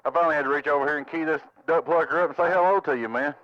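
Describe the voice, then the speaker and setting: Fast-talking man on CB radio. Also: a little high, dull audio. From Tennessee, US. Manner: friendly, repeats call signs and greetings in a drawl. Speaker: CB radio operator recording the channel. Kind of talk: casual CB radio chatter. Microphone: handheld radio microphone at home.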